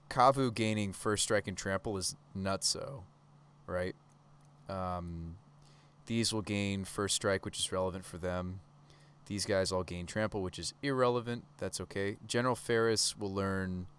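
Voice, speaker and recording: Male streamer, fairly low voice, loose live-stream commentary, keeps quizzing his chat. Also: clean tone. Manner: casual, chatty, talks to chat with rhetorical questions.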